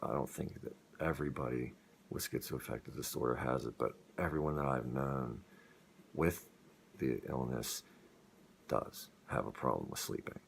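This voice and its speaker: Very deep-voiced man, rambling earnestly. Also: moderate pace, gravelly, slight background noise. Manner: rambling, earnest, with self-deprecating laughs. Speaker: vlogger. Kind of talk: rambling personal talk to camera.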